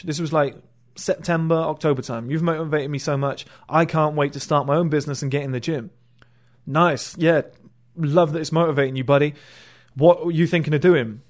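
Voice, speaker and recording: A man's voice: on the high side, brisk. A man hosting his own motivational channel, talking bluntly and sarcastically and mocking people's excuses in put-on voices. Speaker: motivational video host. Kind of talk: casual motivational monologue.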